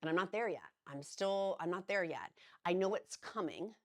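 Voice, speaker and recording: A woman's voice: fairly low pitch, expressive, moderate pace. A middle-aged woman vlogging in a chatty, earnest way, rambling at times and restarting her sentences. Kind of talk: casual encouraging talk to camera.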